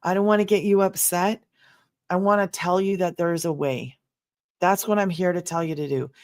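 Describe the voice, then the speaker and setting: A woman's voice: lowish voice, steady tone, moderate pace, darkish tone. A middle-aged woman hosting a casual motivational livestream, emphatic and repetitive, acting out what others say. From United States. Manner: emphatic, repeats herself, acts out quoted voices. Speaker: livestream host.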